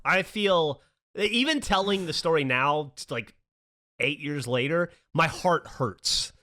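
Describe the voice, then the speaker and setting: A man's voice: fairly high pitch, takes it slowly. A man in his forties, a podcast host, telling a long story in casual, profane chat and acting out the voices of the people in it. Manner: animated, profane storyteller who acts out his daughter's lines.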